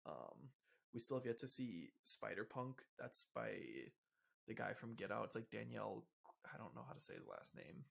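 A man's voice: on the low side, very animated, moderate pace, gravelly, fairly bright tone, breathy edge. A young man co-hosting a casual podcast, explaining comic plots in a loose, rambling way full of fillers. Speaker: podcast co-host. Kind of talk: casual chat.

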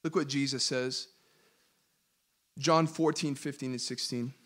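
A man teaching a Bible study as a pastor, emphatic, asking his listeners questions and slowing down to stress key words. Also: mid-range voice, steady tone, a bit bright. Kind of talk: interactive sermon teaching.

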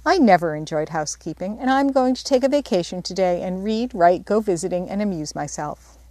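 A woman's voice: lowish voice, animated, fairly quick, dark tone, no echo, close to an everyday voice. A woman voicing a breezy, carefree mother. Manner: breezy and dismissive. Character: middle-aged mother taking a carefree day off.

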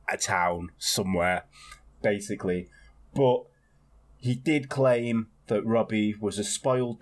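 Wry, rambling man, low voice. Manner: rambling, wry, swears, laughs often. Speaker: podcast co-host. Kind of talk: casual chat.

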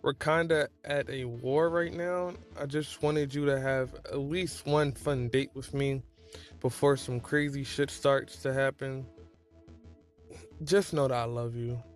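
A man's voice: medium pitch, steady tone, measured pace, soft background music, close to an everyday voice. A man voicing a protective, nervous teenage boyfriend in a storybook reading. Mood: serious. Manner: nervous, gentle.

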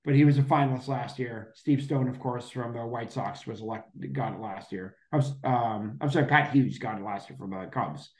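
A man's voice: mid-range voice, moderate pace, few pauses, echoey room. A man co-hosting a casual podcast chat, rambling with many fillers and self-corrections. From Boston area. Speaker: podcast co-host.

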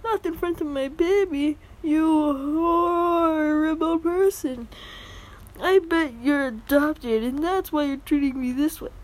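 A woman's voice: high voice, slow, voice pushed up, poor audio. A young woman voicing a rude, self-righteous entitled mother in a story reading, indignant and insulting.

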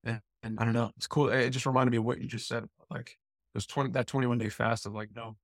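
A man in casual faith conversation, talking in a rambling, halting way, often repeating words. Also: mid-range voice, flat delivery, no echo, studio quality.

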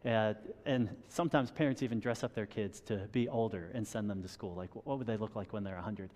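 A man preaching a sermon in a relaxed conversational way, chuckling at his own stories and often restarting his sentences. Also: lowish voice, a little fast, long reverb tail. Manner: conversational, self-deprecating with chuckles and repeated restarts. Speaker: pastor.

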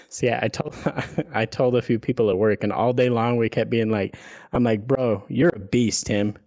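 A man's voice: medium pitch, fairly even intonation, normal speed, darkish tone. A man co-hosting a podcast, telling a rambling, profane story in casual chat and laughing as he goes. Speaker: podcast co-host.

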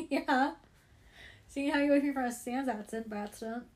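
A woman in casual chat, telling stories in an animated way and laughing often. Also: sits high, moderate pace. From United States.

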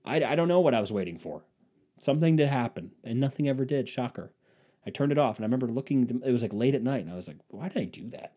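A man's voice: medium pitch, lively intonation, quick pace, mellow. A man hosting his own podcast, delivering a profane, sarcastic, rambling comedic rant. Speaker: podcast host. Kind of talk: casual comedic monologue.

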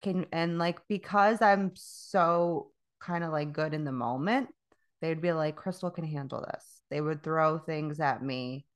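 A woman co-hosting a casual chat, candid and profane, often laughing as she talks. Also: low voice. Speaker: podcast co-host.

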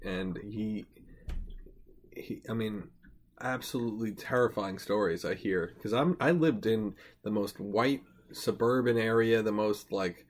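A man's voice: on the low side, unhurried. A young man co-hosting a podcast, chatting casually, swearing often and rambling with lots of filler words. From Irish background, from a white suburban area. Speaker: podcast co-host.

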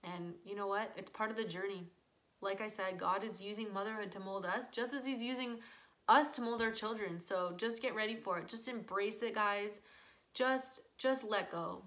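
A woman's voice: mid-range voice, normal speed, a bit bright. A woman speaks to mothers in an earnest, encouraging devotional tone. Her voice sits in an ordinary middle range, and she leans on the word "just" as she reassures. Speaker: church speaker.

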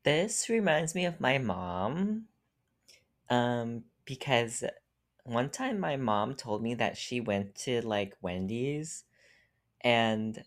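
A young adult co-host chats on a casual podcast, spinning a loose anecdote at a middle pitch. The telling wanders, packed with fillers, and breaks into laughter often. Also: animated, slow. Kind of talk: casual chat, storytelling.

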